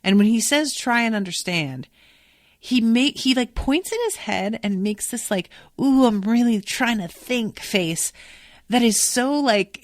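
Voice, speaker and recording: A woman's voice: mid-range voice, no room sound, studio quality. A woman hosting a podcast, chatting casually and candidly through a recap, swearing freely and reacting with feeling. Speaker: podcast host.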